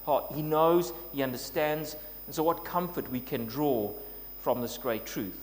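A man's voice: medium pitch, measured pace, darkish tone. A man preaching a sermon in an earnest way, building to emphatic scripture quotes. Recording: long reverb, faint noise with hum.

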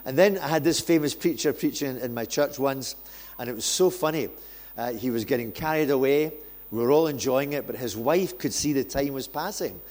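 Male guest preacher, playful and self-mocking, warm-up jokes into prayer. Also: mid-range voice, brisk. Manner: jokey, self-deprecating storyteller. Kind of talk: sermon with humorous anecdotes. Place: church.

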